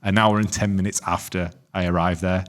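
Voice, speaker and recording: A lower-pitched man chatting on a podcast. He tells a sweary, blow-by-blow story and puts on the voices of the people in it, keeping it conversational. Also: little pitch movement, fairly quick. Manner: sweary storytelling, acts out both sides. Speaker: podcast co-host. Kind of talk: casual chat.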